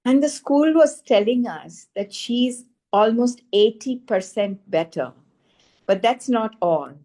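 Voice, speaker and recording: A woman's voice: on the high side, animated, slow pace, mellow. A middle-aged woman, telling a personal story in an earnest, emphatic way and repeating phrases for stress. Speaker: spiritual teacher sharing a wellness testimonial. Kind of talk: conversational storytelling.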